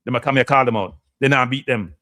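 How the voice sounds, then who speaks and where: A man's voice: mid-range voice, quick pace, pushed and bright. A man with a Jamaican accent, hosting a live stream and ranting heatedly, switching between standard English and patois. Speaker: host. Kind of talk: impassioned live-stream rant.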